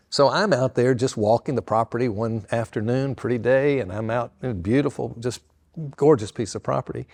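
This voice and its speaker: An older pastor with a drawl spins a folksy story. He slips into the voices of the people he quotes, and his pitch sits in an ordinary middle range. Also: vocal fry. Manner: folksy, animated retelling with quoted dialogue. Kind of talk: storytelling to a live audience.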